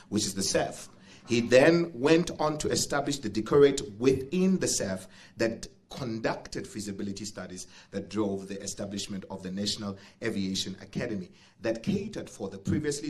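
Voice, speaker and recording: A man hosting a live event as master of ceremonies, playful and chatty with the audience. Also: fairly low pitch. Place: event venue stage.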